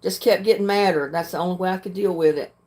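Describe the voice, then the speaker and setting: Older woman, livestream host, plain frank talk, frequent throat-clearing. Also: fairly low pitch, fast talker, a little mellow. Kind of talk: casual chat reading viewer comments.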